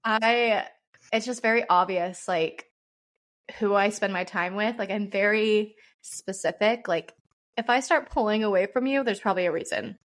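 A woman's voice: mid-range voice, normal speed. A young woman co-hosting a podcast, chatting casually with dry, teasing banter. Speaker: podcast co-host. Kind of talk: casual chat.

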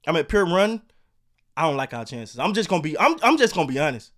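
A man ranting casually about football and basketball, animated, swearing and repeating himself. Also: on the high side, quick pace. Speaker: sports commentator. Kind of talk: casual sports rant.

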